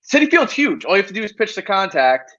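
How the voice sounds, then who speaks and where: A man co-hosting a sports podcast in a high, bright, sharp voice. He sounds sarcastic and exasperated, and his audio comes through dull and lo-fi. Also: very animated, quick pace. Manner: sarcastic, exasperated, rhetorical questions. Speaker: podcast co-host. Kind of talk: casual sports podcast chat.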